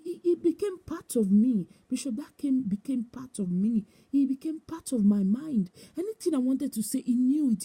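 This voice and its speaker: A woman tells her personal testimony in a deep, mellow voice with a husky edge. She speaks with emotion, circles back over the same points, and acts out the voices of the people in her story.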